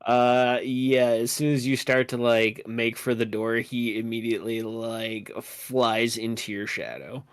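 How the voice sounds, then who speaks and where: A man narrating as game master in a casual tabletop game session, describing actions in a low-key, hushed way. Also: fairly even intonation, a little slow, hardly any pauses, clean tone, no echo.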